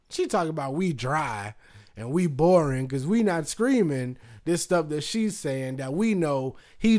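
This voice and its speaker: A man's voice: sits high, a little mellow. Casual, profane man telling a story. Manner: loose, profane, full of fillers, acts out voices. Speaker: podcast host.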